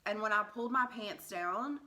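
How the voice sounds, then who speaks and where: A young woman with a bright, clear voice tells a personal story straight to her viewers. She talks candidly and conversationally, dropping plenty of "like" and "um" as she goes. Her pitch sits in an ordinary middle range. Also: normal speed. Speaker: vlogger.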